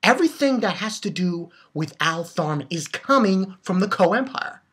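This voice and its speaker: A woman's voice: mid-range voice, expressive, moderate pace, fairly bright tone, slightly rough. A woman giving a heated, profane rant while reviewing a manga chapter, blunt and repeating her points for emphasis. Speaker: anime reviewer.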